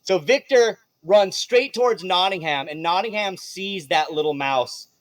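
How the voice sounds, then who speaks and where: A playful man runs a tabletop game as game master, chuckling through his narration and swearing casually. His voice sits a little high. The sound is dry and close. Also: a little slow, no room sound.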